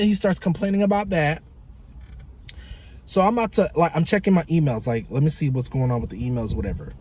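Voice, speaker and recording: A man telling a story in a casual vlog, animated and profane, imitating his friend in shifting voices. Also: a little high, a little fast, slightly rough. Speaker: vlogger.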